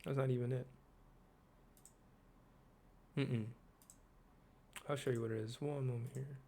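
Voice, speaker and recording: Rambling male host, casual and chatty, keeps quizzing the listener, swears offhand, mid-pitched. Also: fairly even intonation, fairly quick, creaky, mellow, a little hiss or hum. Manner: rambling, asks the viewer questions, swears casually. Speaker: video host.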